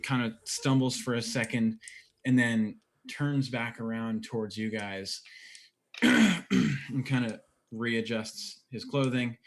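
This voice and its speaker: A man narrating a tabletop game as game master, in a relaxed, descriptive way with fillers. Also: medium pitch, takes it slowly.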